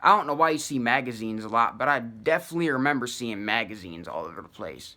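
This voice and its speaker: Brash young man, bright slangy storytelling. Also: mid-range voice, fast talker. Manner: profane slang-heavy, animated, many fillers. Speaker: channel host telling a personal story. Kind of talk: casual storytelling to camera.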